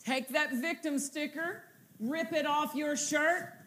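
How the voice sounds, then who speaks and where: Casting: woman preacher, high voice, emphatic and repetitive. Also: fairly even intonation, slow. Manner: repetitive, building to exultant shouts. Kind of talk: sermon.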